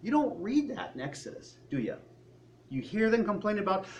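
A man's voice: high voice, big pitch swings, a little fast, darkish tone. A man preaching a sermon, acting out the voices of worried people and of God as he goes.

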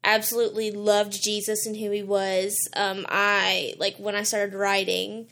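A woman's voice: mid-range voice, level tone, a little slow, fairly bright tone. A woman in her twenties talking in casual chat, earnest, with many "like" and "um" fillers as she tells her testimony. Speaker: guest sharing her testimony.

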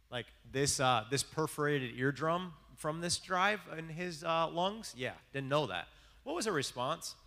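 Male pastor, loose joking sermon style, bright forceful tone, long echoing hall. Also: medium pitch, very animated, normal speed. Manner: rambling, self-mocking storytelling with many restarts. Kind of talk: conversational sermon.

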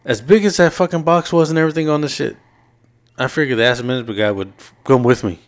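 A profane, animated man telling stories on a podcast. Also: medium pitch, fast. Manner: profane, animated retelling with laughs. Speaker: podcast co-host. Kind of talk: casual storytelling chat.

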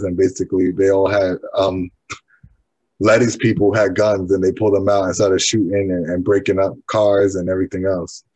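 A man with a very low, husky voice hosts a casual podcast, recapping a TV episode and asking questions at a measured pace. The sound is dry and close, with no room echo. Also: darkish tone. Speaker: podcast host. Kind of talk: casual chat reviewing a TV episode.

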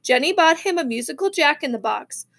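High-voiced woman reading a children's book. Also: fairly quick. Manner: expressive, with small slips and restarts. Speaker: reader. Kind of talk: reading a children's novel aloud.

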